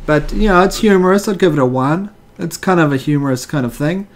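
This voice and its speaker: A man's voice: fairly high pitch, brisk. A man hosting a casual video, reading jokes aloud and giving wry, rambling commentary with fillers.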